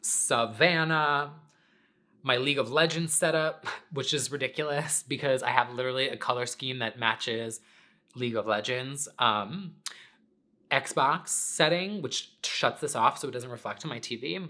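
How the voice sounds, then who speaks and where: Man, bright tone, casual chat to camera, rambling, candid, swears a bit, at home. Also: mid-range voice, a little slow. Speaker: vlogger and podcast host. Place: sitting at home in his apartment.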